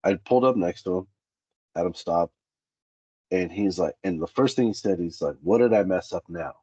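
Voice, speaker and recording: A man with a very low, husky voice talks through job-site stories and acts out what people said. The sound is dry and a little muffled. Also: moderate pace, no room sound. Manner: animated, acts out quoted dialogue. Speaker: safety specialist guest. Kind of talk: candid interview storytelling.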